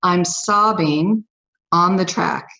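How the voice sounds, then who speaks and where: A woman guest on a podcast, telling her own story in an emphatic, animated way and acting out the dialogue. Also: fairly low pitch, takes it slowly, gravelly, rough recording. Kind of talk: personal storytelling.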